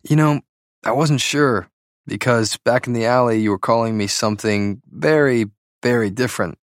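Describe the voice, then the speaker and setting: A man voicing a guarded, defiant young woman in a storybook reading, lifting his voice higher and speaking coolly. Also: moderate pace, dry recording, clean studio sound, lightly acted. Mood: challenging. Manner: raised pitch, cool and challenging.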